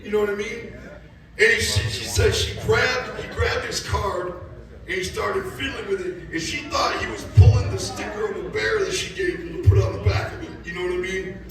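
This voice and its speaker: A man in his fifties telling a profane, animated story to a live crowd, laughing and shouting punchlines. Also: sits high, moderate pace. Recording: echoey live venue from far off with loud crowd.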